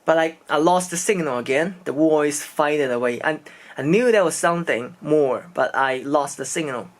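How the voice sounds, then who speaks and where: A man's voice: a little high, normal speed. A man from China, speaking English and telling a personal story in a casual vlog, hesitant and searching for words. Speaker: vlogger.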